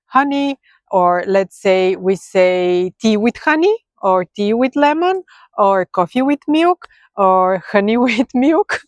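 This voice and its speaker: A woman with a Bulgarian accent walks learners through a casual language lesson at a middle pitch. She keeps asking "okay?" and slows down to repeat key words. The sound is dry, with no room echo. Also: expressive. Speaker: language teacher.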